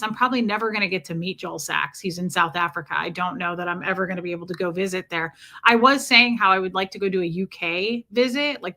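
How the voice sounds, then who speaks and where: A chatty woman hosts a casual livestream and answers her viewers' comments by name. Her voice is bright and forward, with a medium pitch. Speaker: livestream host. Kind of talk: casual live-stream chat.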